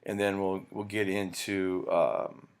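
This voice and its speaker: Guy teacher recording a lecture, kinda low voice, loose and rambly. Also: level tone, takes it slowly, smooth. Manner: casual, rambling, self-interrupting.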